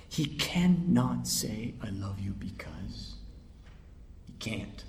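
Male preacher, slightly high voice, hushed to loud, reverberant hall sound. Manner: dramatic swings from hushed whispers to loud cries. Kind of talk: sermon. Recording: echoey hall.

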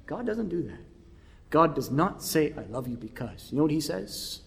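Male preacher, slightly high voice, hushed to loud, reverberant hall sound. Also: very animated, normal speed, vocal fry. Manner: dramatic swings from hushed whispers to loud cries. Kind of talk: sermon. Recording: echoey hall.

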